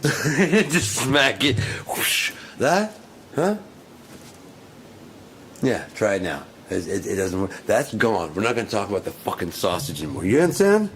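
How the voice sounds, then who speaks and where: Giggly, slow-talking man riffing on a clip. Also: on the low side, slight background noise. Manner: giggly, rambling, swears often. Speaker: video reaction host. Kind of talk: casual reaction commentary.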